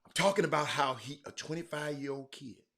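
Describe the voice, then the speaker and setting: A man hosting a live sports talk show, chatting with viewers by name, animated and repeating words as he goes. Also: fairly high pitch, fairly quick, creaky. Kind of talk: live-stream chat with viewers.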